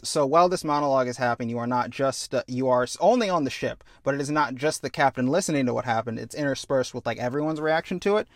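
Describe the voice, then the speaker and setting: A man co-hosts a podcast and pitches a film story in a loose, casual way. He slips into characters' voices and swears freely as he goes. His voice sits at an average pitch and sounds dry and close to the mic. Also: a little fast, dry recording. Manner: animated, acts out characters with profanity. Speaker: podcast co-host.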